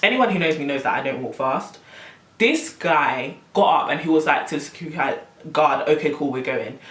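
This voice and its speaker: A young woman telling a story on her vlog, animated and exasperated, full of slang. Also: deep voice, normal speed, far from the mic. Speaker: vlogger. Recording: roomy, camera set back.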